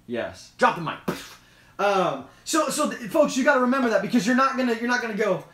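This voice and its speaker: A man's voice: very high voice, very animated, a little fast, fairly bright tone. Chatty guy hosting a live q&a, emphatic, repeats himself, echoey room. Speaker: host. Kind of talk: casual live Q&A.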